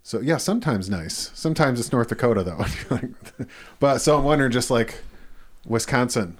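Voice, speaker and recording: A man's voice: medium pitch, lively intonation, normal speed. A man hosting a casual chat, talkative, laughing often and swearing casually.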